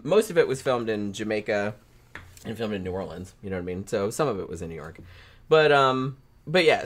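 Man, podcast co-host, casual film chat, rambling, swears a lot, mid-pitched voice. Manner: rambling, swears, laughs often.

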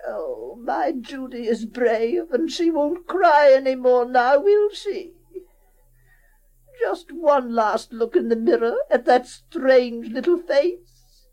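A woman's voice: high-pitched, darkish tone, exaggerated voice, low-quality recording. A woman voicing a doting, possessive old aunt who pleads tearfully and coaxingly with her niece in a dramatic story reading.

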